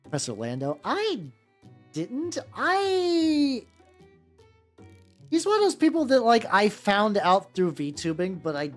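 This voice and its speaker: A woman's voice: mid-range voice, wildly swooping pitch, slow, long pauses. A woman streaming while painting miniatures, chatting casually in a rambling way, swearing freely and often restarting her sentences. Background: faint background music.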